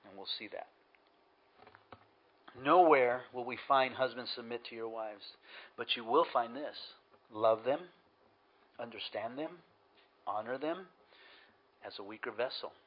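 A man's voice: medium pitch, measured pace, pauses often. Male pastor, earnest sermon, emphatic repetition, mid-range voice, slightly muffled recording.

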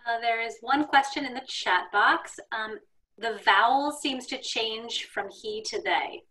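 Woman moderator, bright tone, distant mic. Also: a little high, a little slow. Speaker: class moderator reading chat.

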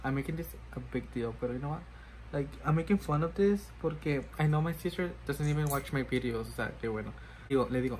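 A man's voice: medium pitch, fast, slight background noise, rough recording. A man chatting casually while doing his makeup, rambling and self-mocking, switching languages mid-sentence. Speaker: makeup vlogger.

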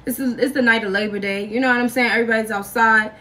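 A young woman vlogger telling a story in a casual, slangy, animated way, acting out other people's lines. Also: fairly high pitch, racing, far from the mic. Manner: animated, slangy, acts out quotes with big jumps in voice.

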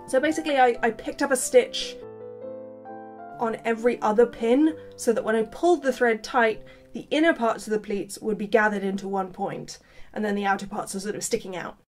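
A woman chatting casually through a sewing vlog, playful and quick to poke fun at herself. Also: a little high, a little mellow. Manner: chatty, playful, self-mocking asides. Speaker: costume maker.

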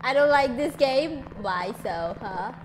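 A young woman streaming a horror game, talking loudly and excitably, swearing and sometimes screaming. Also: high voice, slow pace, slight background noise. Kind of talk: let's play commentary. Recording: game music behind her voice.

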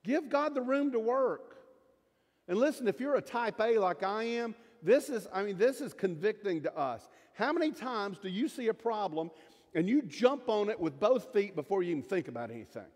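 High-voiced man preaching in a church hall. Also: sing-song, normal speed, a little mellow. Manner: folksy, emphatic preaching with jokes and asides. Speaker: pastor. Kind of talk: sermon. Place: church sanctuary. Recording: long reverb of a church hall.

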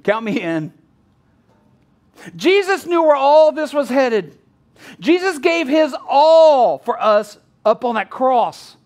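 A man's voice: extremely high pitch, lively intonation, slow pace, darkish tone. A middle-aged male pastor preaching a sermon, laughing often and acting out bits of dialogue.

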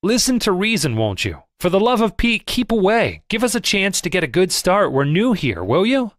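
A man's voice: sits high, very animated, moderate pace, no echo, clean studio sound, voice pushed up. A man voicing a pushy bucket-shop agent who snarls threats, then turns fussed and begging, in an audiobook reading. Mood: pleading. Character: brash, pushy bucket-shop man from out of town, turning pleading.

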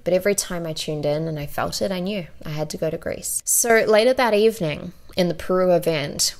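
Low-voiced woman telling a soft story. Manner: soft, intimate storytelling with frequent light laughs. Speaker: podcast host and spiritual coach. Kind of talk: storytelling monologue.

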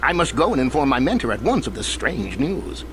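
A polite earnest apprentice. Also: male voice, mid-range voice, sing-song, fairly quick, a little hiss or hum. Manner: courteous, eager, slightly formal. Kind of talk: video game voice acting.

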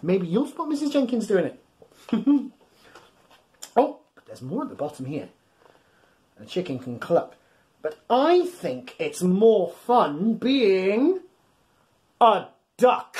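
A man's voice: high-pitched, big pitch swings, a little slow. Playful man reading to kids. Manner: playful, theatrical, chatting to the audience. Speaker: children's storyteller. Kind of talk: bedtime story read-aloud for children.

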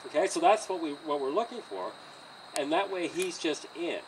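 A man training a horse outdoors by a trailer, coaching a student in an encouraging, animated way and often laughing. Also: fairly high pitch, normal speed. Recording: distant outdoor mic with insect noise.

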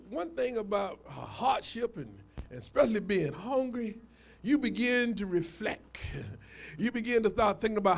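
A man preaching a live sermon as a pastor, shouting, laughing and swinging between loud and soft. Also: very high voice, creaky. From United States.

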